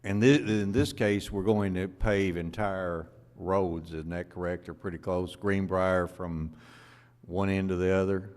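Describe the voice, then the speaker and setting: Deep-voiced judge chairing a meeting. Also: male voice, steady tone, measured pace, a little mellow. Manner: joking, casual, conversational. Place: county courthouse meeting room. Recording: long reverb of a courtroom.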